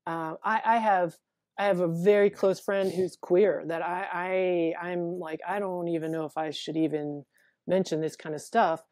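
A woman therapist in a casual interview, talking haltingly and repeating words as she thinks aloud. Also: fairly low pitch, fairly even intonation, darkish tone, no echo, clean studio sound. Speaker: therapist guest.

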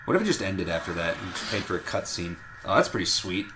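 A woman's voice: extremely low pitch, big pitch swings, quick pace, noisy background. A woman streaming a video game with friends, chatting casually with sarcastic, mock-dramatic asides and frequent swearing. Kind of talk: casual gameplay banter.

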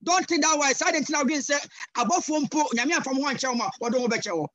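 A guest pastor with a Ghanaian accent preaches passionately over a video call, switching between English and Twi and breaking into sudden loud cries. His voice is extremely high and he talks fast, with no echo.

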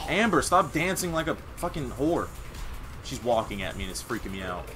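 A man doing casual gameplay commentary, loud and crude, often yelling. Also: mid-range voice, big pitch swings, fairly quick. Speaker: let's play gamer. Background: game music.

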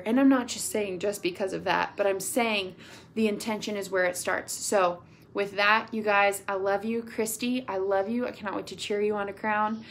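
A woman's voice: medium pitch, a little hiss or hum. A woman giving an upbeat, gushing motivational talk to her team over a video call, full of "like" and "y'all".

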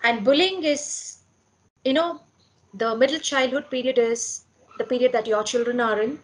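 A woman's voice: fairly high pitch, normal speed. A woman giving a talk on parenting to parents at a school meeting, earnest and asking questions to answer them herself.

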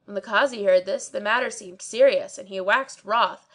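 A woman reading a classic tale aloud as an audiobook narrator. Her delivery is measured and steady, with a mid-range pitch, carrying archaic phrasing at an even storytelling pace. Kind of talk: scripted narration.

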